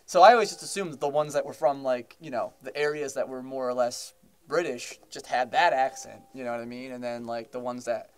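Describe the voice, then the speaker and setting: With a brisk, mid-range voice, a young man co-hosts a podcast in casual conversation. He rambles, restarts sentences, leans on fillers, and laughs a lot.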